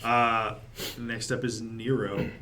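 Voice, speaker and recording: A man's voice: lowish voice, level tone, slow pace, pushed and bright, a little hiss or hum. A man narrating and ruling as game master for a tabletop game, laughing often as he talks.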